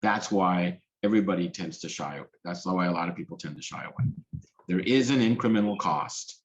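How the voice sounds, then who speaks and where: Deep-voiced man giving a webinar talk. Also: highs cut off. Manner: earnest, with frequent restarts and fillers. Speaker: policy specialist presenting a talk. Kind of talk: webinar presentation.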